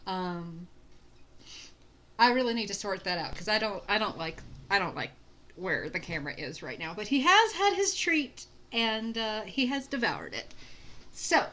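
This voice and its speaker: A young woman chatting her way through a cozy video game stream. Her voice sits at an ordinary middle pitch, and her talk is loose, chatty and self-deprecating, with laughs dropped in often. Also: very animated, a little slow, sharp tone, a little hiss or hum. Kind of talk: casual let's-play chat.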